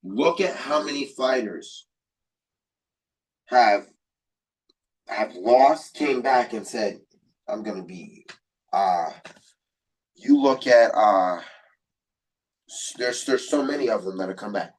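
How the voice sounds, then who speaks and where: A man's voice: medium pitch, slow, pauses often, breathy edge, far from the mic. A man hosting a podcast, giving rambling, motivational sports commentary with lots of repetition and fillers. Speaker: podcast host.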